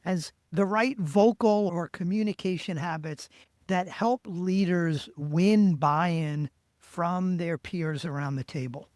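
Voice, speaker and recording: A man's voice: sits high, slow pace, darkish tone, no room sound. A man hosting a podcast interview, asking questions in a conversational way and sometimes searching for words. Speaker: podcast host.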